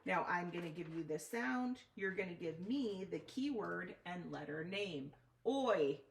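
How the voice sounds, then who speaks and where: Woman, teacher, phonics lesson, deliberate, echoey room, distant mic. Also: fairly low pitch, animated, gravelly. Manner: slow, deliberate, spells out letters. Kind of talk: phonics lesson, step-by-step instruction. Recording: echoey room from far off, faint noise.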